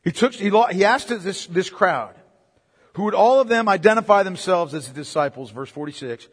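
A man's voice: high voice, animated, moderate pace, husky, in a large hall. A man preaching a sermon as pastor, emphatic, putting repeated questions to the congregation. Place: church hall.

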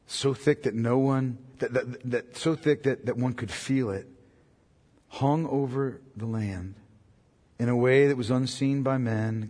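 A man preaching a sermon, emphatic, swinging from loud proclamation to hushed tones. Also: mid-range voice, unhurried. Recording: long hall reverb.

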